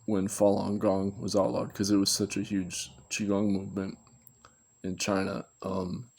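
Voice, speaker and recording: Male commentator, monotone and unhurried, thinking aloud off the cuff. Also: low-pitched, creaky. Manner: meandering, self-correcting, thinking aloud. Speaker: video commentator. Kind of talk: rambling unscripted monologue.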